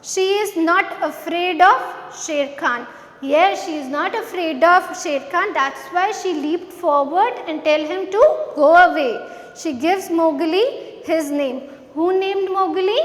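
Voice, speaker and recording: A woman teacher revising a lesson with young children, spelling words letter by letter and asking simple questions. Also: extremely high pitch. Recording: echoey room with long reverb.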